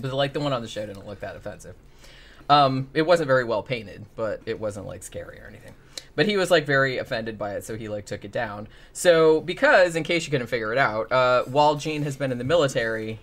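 A man's voice: mid-range voice, a bit bright. A man hosting a casual chat, rambling and sarcastic, swearing freely as he recaps. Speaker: podcast host.

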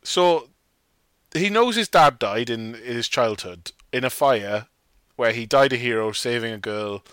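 Give me a jokey man talking film on a podcast, with a bright voice and a dry, close sound. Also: medium pitch, lively intonation, unhurried, clean tone, no echo. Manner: jokey, rambling, acts out quotes. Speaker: podcast co-host. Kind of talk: casual film discussion.

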